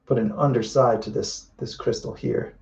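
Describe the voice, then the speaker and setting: A man demonstrating a painting live, thinking aloud in a relaxed way with frequent restarts and asides as he works. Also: mid-range voice, moderate pace, gravelly. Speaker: painting instructor. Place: indoors at a painting wall.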